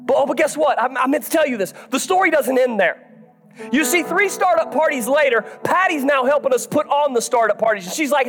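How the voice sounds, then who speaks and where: A man with a drawl preaches in a sermon, his voice sitting unusually high and swinging widely in pitch. He tells stories on himself with humor, soft at times and shouting at others. Faint music plays behind him. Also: very animated, moderate pace. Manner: storytelling, self-deprecating, swinging between soft asides and shouted peaks. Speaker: pastor.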